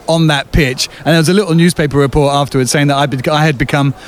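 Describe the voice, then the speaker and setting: An English man, a sports journalist, telling a lively anecdote outdoors with frequent fillers. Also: on the high side, fast talker. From England. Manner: chatty storyteller, many fillers, lively retelling. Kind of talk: casual anecdote.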